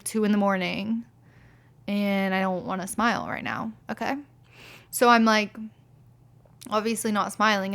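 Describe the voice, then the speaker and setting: Hosting her podcast, a young woman delivers a casual storytelling monologue in a blunt, fed-up tone, cursing openly and leaning on "like." Her voice sits in the mid range, a bit bright, with vocal fry.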